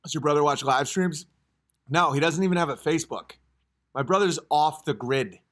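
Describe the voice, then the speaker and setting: A man's voice: a little high, normal speed. A man in his thirties hosting a casual livestream, rambling and joking as he answers chat comments. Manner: rambling, joking, swings to loud acted outbursts. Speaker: livestream host.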